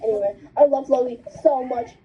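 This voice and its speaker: A woman's voice: high voice, normal speed, a crowd in the background. A woman hosting a casual chat, bubbly and rambling. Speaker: host. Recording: tinny phone-like line.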